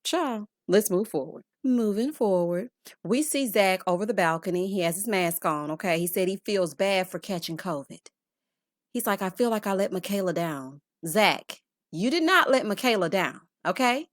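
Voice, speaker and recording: Sassy woman for a chatty TV recap, lively and expressive, dry close mic. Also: medium pitch, moderate pace, no room sound. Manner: sassy, calls viewers honey and child, bursts of laughter. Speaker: reality TV recap host.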